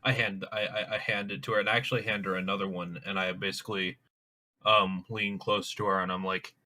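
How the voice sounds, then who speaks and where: Man, tabletop player, lowish voice, bright and forceful tone, hesitant, stumbling. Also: little pitch movement, a little fast. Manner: hesitant, stumbling over his words. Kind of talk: playing a tabletop game.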